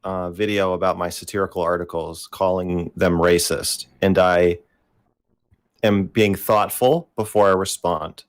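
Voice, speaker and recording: A man co-hosting a casual chat, speaking in a thoughtful, measured way. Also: low-pitched, fairly even intonation, dry recording.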